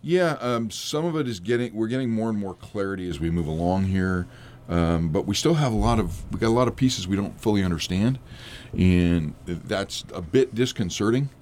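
A hoarse man with a cold, an accountant guest on a radio show, talking casually with frequent restarts. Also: on the low side, expressive, darkish tone, a little hiss or hum. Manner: halting, many restarts.

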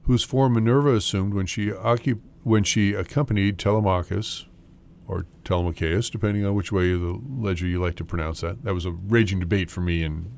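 Man, middle-aged, morning radio host, low voice, gravelly, teasing, laughs a lot. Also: brisk, few pauses, darkish tone, slight background noise. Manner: joking, teasing, laughs often. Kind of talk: casual on-air interview.

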